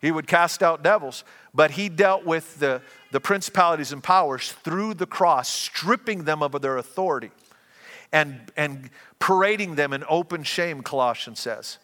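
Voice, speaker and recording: A man preaching a sermon as pastor, earnest and given to quick restarts. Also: fairly high pitch, bright, forceful tone, big-room sound.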